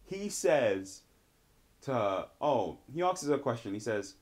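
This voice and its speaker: With big pitch swings and a measured pace, this mid-range-voiced man reviews a TV episode casually. He rambles and sprinkles in plenty of "like" and "sort of."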